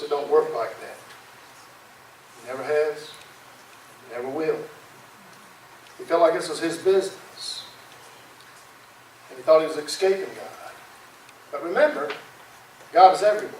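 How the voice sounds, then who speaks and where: Preacher telling a lively story. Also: male voice, on the high side, slight background noise. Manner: folksy storytelling, dramatic. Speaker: pastor. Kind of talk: sermon. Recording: echoey room from far off.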